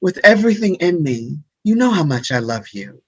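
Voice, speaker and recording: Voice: mid-range voice, big pitch swings, normal speed, fairly bright tone, husky, no echo, highs cut off. A tabletop game player speaking earnestly and pleadingly in character. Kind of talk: in-character tabletop role-play.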